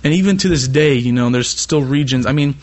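A young man from California preaching a sermon as a youth pastor. He swings between animated preaching and chatty personal asides, full of repeated "you know.". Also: mid-range voice, a little fast. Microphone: iPad.

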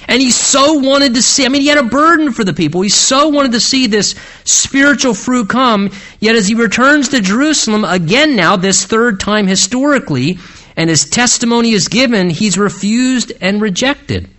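A man's voice: extremely high pitch, lively intonation, moderate pace, pushed and bright. A man preaching an expository sermon, retelling the story dramatically and asking the listeners rhetorical questions.

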